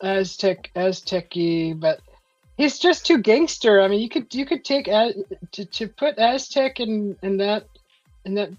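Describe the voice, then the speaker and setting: A woman's voice: mid-range voice, expressive, a little slow, dry recording. A woman hosting a casual chat, rambling with many fillers and frequent laughs. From California. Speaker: host. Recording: dull lo-fi stream audio with faint music.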